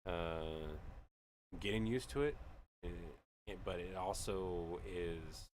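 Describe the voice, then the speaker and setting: A man's voice: low voice, takes it slowly, slight background noise. A man chatting casually on a livestream, rambling and joking with plenty of ums and uhs. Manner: rambling and jokey, with frequent fillers. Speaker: streamer.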